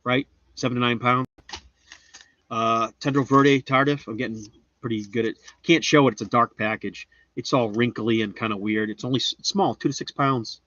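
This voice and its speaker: A goofy homestead gardening livestreamer rambles through a casual stream at a moderate pace, mocking himself, hopping between thoughts, and slipping into high silly voices. His middle-register voice is a bit bright, and the dry recording sounds dull and slightly lo-fi with very little room echo.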